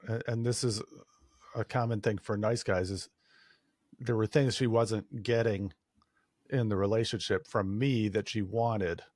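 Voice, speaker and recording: Male coach, lowish voice, slow and measured delivery. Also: steady tone, a little mellow, no echo, clean studio sound. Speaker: relationship coach. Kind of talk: casual podcast chat.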